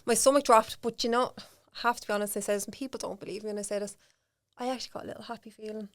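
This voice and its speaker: A woman's voice: a little high, rapid-fire. A woman in her thirties with an Irish accent, a podcast guest telling a personal story candidly and acting out the voices of people in it. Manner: animated, acts out quoted voices, laughs often. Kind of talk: candid storytelling in casual chat.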